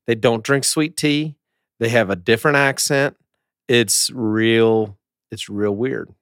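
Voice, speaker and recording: A man of middle pitch chatting easily on a podcast, quick to agree and pick up the thread. His voice is recorded close and dry. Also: fairly bright tone, smooth, no echo. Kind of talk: casual chat.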